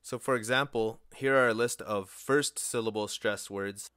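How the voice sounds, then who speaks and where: A man giving a spoken language lesson, slow and deliberate, pronouncing each word on its own. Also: fairly low pitch, a bit bright, dry recording, clean studio sound. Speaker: language teacher.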